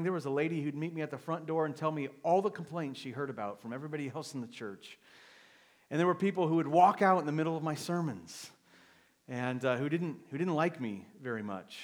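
During a sermon, a middle-aged male pastor recounts a personal story, shifting from quiet confession into emphatic preaching. His voice is on the high side and his pace is quick.

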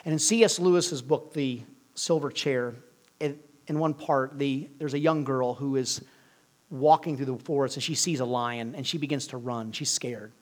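A male preacher delivering an earnest sermon, swinging between loud emphasis and hushed, near-whispered lines. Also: mid-range voice, moderate pace.

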